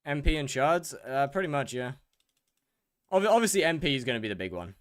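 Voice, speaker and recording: A man's voice: medium pitch, expressive, a little fast, a bit bright, no echo. A man chats casually with his viewers while playing a game, reading their questions aloud and looping back over his own words. He sounds overheated and sweaty. His voice sits in a middle range and is recorded dry and close. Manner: reads chat questions aloud and answers, repeats phrases. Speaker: game streamer. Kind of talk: casual live-stream chat while gaming. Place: hot room in a house.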